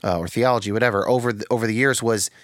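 A man's voice: on the low side, steady tone, racing, dry recording, studio quality. A man hosting a podcast, talking candidly and reflectively, thinking aloud with restarts and the odd swear word. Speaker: podcast host.

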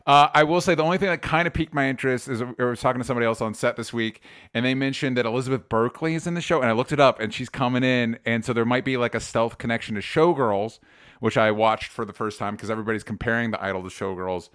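A man hosting a casual podcast chat, relaxed, with many ums and uhs, reading out chat comments. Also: medium pitch, fast, clear, resonant tone, dry recording, clean studio sound. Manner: relaxed, lots of fillers, reads chat comments. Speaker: podcast host.

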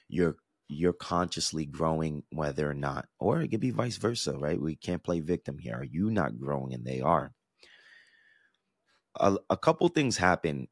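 A very deep male voice, studio quality with no room sound, belongs to a podcast host in his thirties from the New York–New Jersey area of the US East Coast. He tells a personal story in an earnest, reflective manner, restarting frequently.

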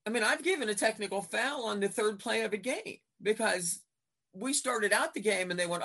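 A woman in her fifties, a veteran basketball referee, chatting in an interview and acting out her exchanges with coaches in lively retellings. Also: mid-range voice, normal speed, slightly rough. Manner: animated storyteller acting out court exchanges. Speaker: basketball referee, podcast guest. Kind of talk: casual interview chat.

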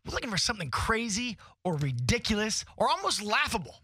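A man's voice: high-pitched, big pitch swings, brisk, pushed and bright, breathy edge, no echo. A man co-hosting a morning radio show, upbeat and playful with callers.

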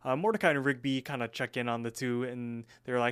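A man's voice: medium pitch, steady tone, fast talker, hardly any pauses, fairly bright tone, smooth. A man co-hosting a podcast, recapping a cartoon episode in a laid-back way, full of "he's all like" quotes. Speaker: podcast co-host.

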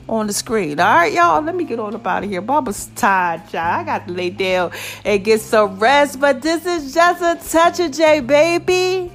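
A middle-aged woman hosting a casual podcast, animated and preachy, calling her listeners "babies" and "y'all". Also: a little high. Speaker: podcast host. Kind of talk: casual encouraging podcast talk.

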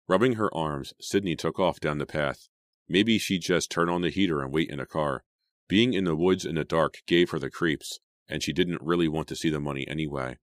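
A man with an extremely deep voice narrating a horror audiobook. He builds suspense line by line, and the recording sounds dry and close. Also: moderate pace, no room sound. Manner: dramatic, suspenseful storytelling.

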